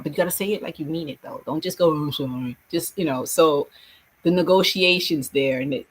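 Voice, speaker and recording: A woman's voice: lowish voice, slightly rough, low-quality recording. A middle-aged woman, a schoolteacher, chatting casually and acting out classroom scenes as she tells them. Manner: animated storyteller, acts out classroom scenes with quick voices. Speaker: guest, schoolteacher. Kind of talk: casual video chat.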